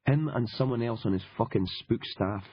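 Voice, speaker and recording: A man with a husky voice playing a cynical, wry male reporter who swears freely and talks with dry determination. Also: mid-range voice, moderate pace, close to an everyday voice. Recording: dull lo-fi audiobook recording.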